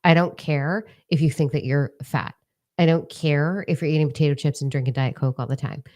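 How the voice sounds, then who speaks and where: A woman in her forties giving a blunt, excitable motivational talk at home, swearing freely. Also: deep voice, fairly quick. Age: 40s. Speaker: life coach. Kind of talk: casual motivational talk to camera.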